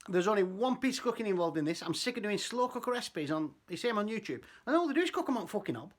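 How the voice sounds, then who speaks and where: A man's voice: high-pitched, very animated, rapid-fire. A man talks casually through a home cooking demonstration. He is chatty, swears freely and pokes fun at himself. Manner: chatty, sweary and self-mocking. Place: home kitchen. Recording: roomy, distant kitchen sound.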